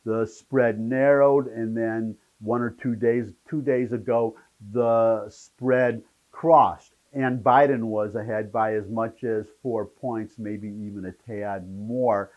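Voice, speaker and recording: A man's voice: fairly low pitch, steady tone, slow, few pauses, narrow, tinny audio. A man hosting a solo political commentary show, opinionated and rambling, drifting into digressions.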